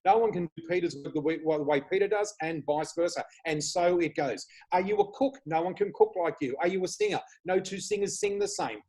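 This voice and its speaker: An Australian man guesting on a video podcast, talking with lively, excitable enthusiasm about spiritual matters. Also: high-pitched, brisk, few pauses, slightly rough, low-quality recording. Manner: enthusiastic, excitable, laughs often. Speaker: flower reader guest. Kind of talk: casual spiritual chat.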